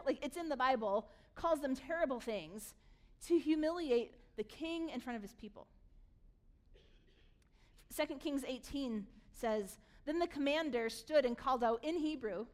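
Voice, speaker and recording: Woman pastor, high voice, animated preaching, acts out scenes. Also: a little slow. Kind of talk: sermon.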